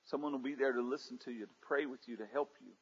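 A man's voice: medium pitch, quick pace, husky. Preaching man in a reverberant church. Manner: preaching with rising intensity, calling for audience responses. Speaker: pastor. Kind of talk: sermon. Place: church sanctuary. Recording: dull livestream audio in a reverberant sanctuary.

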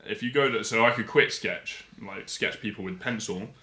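A man's voice: on the low side, normal speed, echoey room. A man, telling stories as a podcast guest and acting out the voices of people he quotes. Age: 20s. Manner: lively storyteller who acts out quoted voices. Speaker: guest artist. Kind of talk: casual podcast storytelling.

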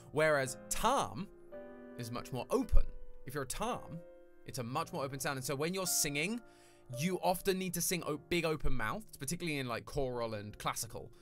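A man's voice: medium pitch, fairly bright tone. A young British man chatting casually with his live chat as a streamer, rambling and friendly in a small home room. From Britain.

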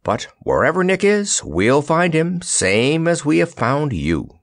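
A man voicing a small, fussy, excitable wizard in a storybook reading, puffing out his words. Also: a little high, dry recording, clean studio sound, voice pushed up, heavily acted. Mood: brisk. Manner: puffing, quick exclamations.

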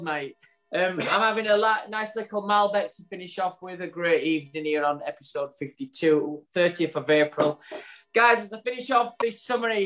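A man's voice: sits high, fairly bright tone. A man, co-hosting a podcast in casual chat and wrapping up the episode with an upbeat summary. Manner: chatty, upbeat, wraps up with a summary. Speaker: podcast co-host.

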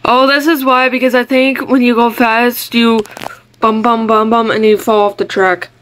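A young woman giving casual commentary on her game, chatty and quick to get startled, talking to her viewers. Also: on the high side, little pitch movement, fairly bright tone. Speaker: gaming vlogger.

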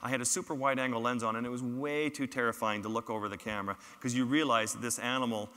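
A man with a bright, forceful voice tells his field stories to a lecture hall audience. His words ring out on a stage microphone with a long reverb trailing after them. His humor is self-deprecating. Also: medium pitch, fairly even intonation, quick pace. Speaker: photographer giving a public talk. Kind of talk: storytelling lecture with slides.

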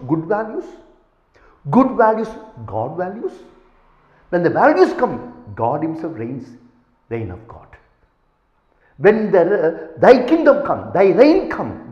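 An Indian English-accented man preaches a retreat talk in a lively, higher voice that rises and drops sharply. He hammers points home with repeated phrases and rhetorical questions. The sound is dull and lo-fi, and it echoes around a large hall. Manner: emphatic, repetitive rhetorical questions. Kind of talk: retreat sermon.

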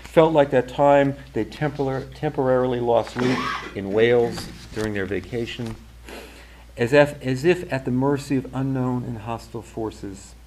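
An author reading a passage from his novel in a measured, even way. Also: medium pitch, background noise. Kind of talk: literary fiction reading.

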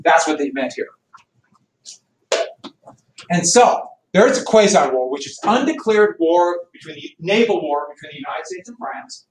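A man teaching a history class, loud and animated, cracking jokes in a classroom. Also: sits high, background noise. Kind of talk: classroom lecture. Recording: echoey classroom from far off.

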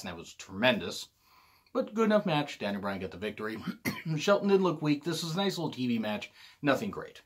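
A man hosting his own casual review vlog, rambling and joking, often correcting himself mid-sentence. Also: medium pitch. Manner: rambling, jokey, self-correcting. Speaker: wrestling show reviewer.

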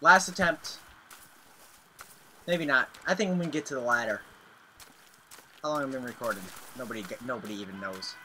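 A young man commentating as he plays a horror game, excitable, with sudden yelps and shouts. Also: mid-range voice, normal speed, long pauses, slight background noise. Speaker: gaming video host. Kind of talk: let's play commentary.

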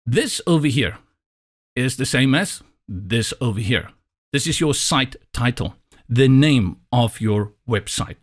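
A man from South Africa whose first language is Afrikaans, walking through a software tutorial step by step with a dry, slightly sarcastic manner. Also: mid-range voice, lively intonation, takes it slowly. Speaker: tutorial instructor. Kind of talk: screen-recorded software tutorial.

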